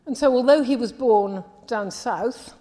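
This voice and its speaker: A woman from the English Midlands preaching a sermon in a measured, earnest way, often trailing off softly at the ends of phrases. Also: fairly high pitch. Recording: long hall reverb.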